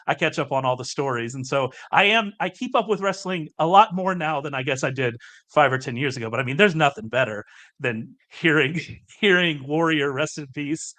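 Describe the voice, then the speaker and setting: Man, podcast host, casual chat, bright voice, slightly high pitch, enthusiastic and talkative. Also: animated, normal speed. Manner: chatty, enthusiastic, laughs easily.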